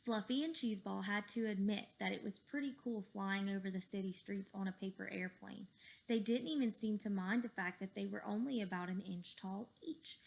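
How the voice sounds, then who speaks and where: A woman reading a children's book aloud with lively, expressive storytelling. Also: medium pitch, vocal fry. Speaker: reader.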